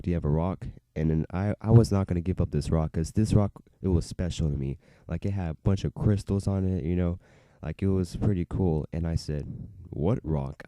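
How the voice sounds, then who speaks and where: A man's voice: deep voice, dark tone, smooth, no room sound. A young man casually telling a rambling personal story to camera, full of fillers and frequent laughter. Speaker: vlogger.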